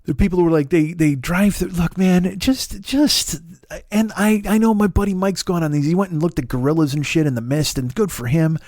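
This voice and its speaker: A middle-aged man doing a rambling, profane comedy monologue as a podcast host, full of restarts and animated rants. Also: high voice, fairly quick, dry recording, studio quality.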